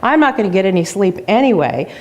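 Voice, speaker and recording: A woman's voice: medium pitch, big pitch swings, fast talker, darkish tone, long reverb tail, muffled recording, natural voice. A woman putting on a worn-out traveling salesman who whines and grumbles. His voice is weary and fed up. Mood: complaining. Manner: whiny, complaining. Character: tired complaining male traveling salesman.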